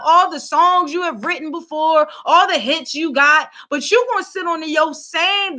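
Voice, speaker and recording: A woman's voice: sits high, sharp tone. A woman from Philadelphia hosting a celebrity gossip vlog, ranting heatedly and cursing as she talks straight to the camera. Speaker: vlog host.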